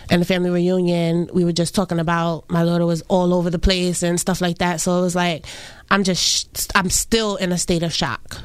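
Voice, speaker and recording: A young woman, recounting a personal loss in an interview, halting and full of restarts. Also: on the low side, smooth, dry recording. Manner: halting, many fillers and restarts. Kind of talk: emotional personal account.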